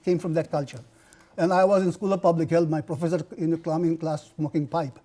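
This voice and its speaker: An older man from India giving a university lecture on health, telling personal stories in an animated way, with many restarts. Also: fairly high pitch, fairly quick. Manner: animated storytelling with frequent laughs and restarts.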